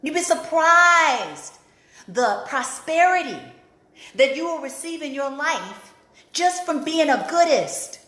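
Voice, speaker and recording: A woman's voice: high voice, sing-song, slow, bright, forceful tone. A woman hosting an inspirational talk, speaking emphatically and repeating key phrases for emphasis. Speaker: host and life coach. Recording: roomy echo.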